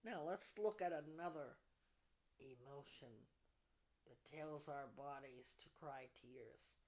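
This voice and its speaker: A woman hosting a support group session, speaking softly and deliberately, often trailing off into near whispers. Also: very deep voice. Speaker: podcast host leading a support group. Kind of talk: reflective talk to a group.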